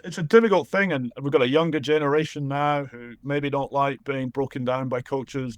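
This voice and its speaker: A middle-aged man from Scotland with a Scottish accent softened by years abroad, speaking earnestly as a guest and repeating words for emphasis. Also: mid-range voice, no room sound. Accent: Scottish, softened by years in New Zealand. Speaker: rugby writer, guest. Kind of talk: casual chat.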